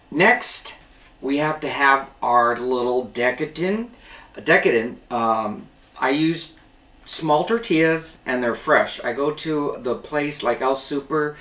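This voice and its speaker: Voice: mid-range voice, a bit bright, recorded from a distance. Casual home-cooking host, chatty and rambling, standing away from the mic in an echoey kitchen. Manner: chatty, rambling, self-correcting.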